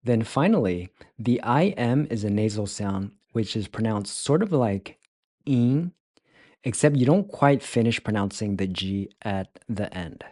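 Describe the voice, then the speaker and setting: A man teaching pronunciation, breaking words into sounds and repeating them slowly and carefully. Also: on the low side, expressive, a little mellow, no room sound, clean studio sound. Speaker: language teacher. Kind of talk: slow, careful pronunciation lesson.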